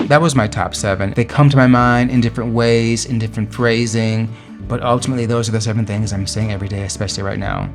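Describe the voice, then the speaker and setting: A man's voice: medium pitch, vocal fry. A man earnestly talking through personal affirmations in a motivational vlog, encouraging and emphatic. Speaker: vlogger sharing affirmations. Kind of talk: motivational talk to camera.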